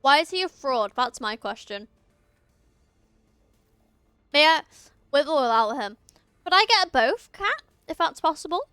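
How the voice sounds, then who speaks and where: A woman's voice: sits high, lively intonation, measured pace, pauses often, sharp tone, no room sound, soft background music. A young woman streaming a game, chatting casually with her viewers, giggling and tripping over her words. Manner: giggly, chatty, often talks to chat, trips over words.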